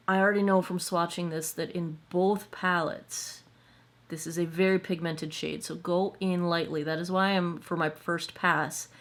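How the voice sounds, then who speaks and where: A woman hosting a makeup tutorial, talking casually through each step and checking in with viewers. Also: on the low side. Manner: chatty, explains and checks in with viewers.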